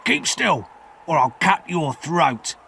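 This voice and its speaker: A man reading an audiobook and voicing a rough, menacing escaped convict who growls his threats. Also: on the high side, sing-song, slow, sharp tone, slight background noise, pitched above the performer's own voice, full character voice. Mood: threatening. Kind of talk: audiobook character voice.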